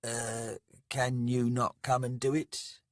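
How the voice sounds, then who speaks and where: A man's voice: on the low side, expressive, slow pace, fairly bright tone, breathy edge, no echo, clean studio sound, exaggerated voice. A man voicing a hurt, cunning male dwarf who speaks coolly with feigned submission. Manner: cool, controlled, mock-submissive. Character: injured, cunning male dwarf hero, outwardly meek. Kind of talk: audiobook character voice.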